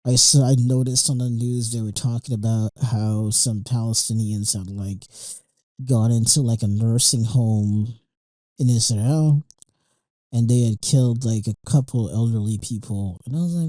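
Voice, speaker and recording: In a loose, emotional monologue, a young podcast host rambles casually, full of fillers, restarts and swearing. His mid-range voice is dark and mellow, recorded dry and close with no echo or room sound, and the recording is rough.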